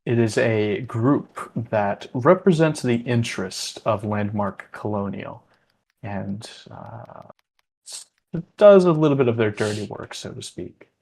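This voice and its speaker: A man runs a tabletop game in a relaxed, mid-pitched voice. He narrates casually, wandering through asides and fillers. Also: slow, vocal fry. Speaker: game master.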